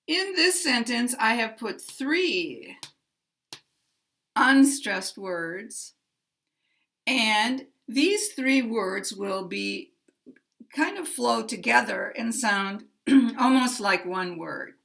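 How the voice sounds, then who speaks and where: A woman teaching American English pronunciation, speaking slowly and carefully and modeling example sentences. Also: on the high side, lively intonation, vocal fry, a bit bright. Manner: very slow and careful, drawing out key words. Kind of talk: slow, deliberate teaching with spoken examples.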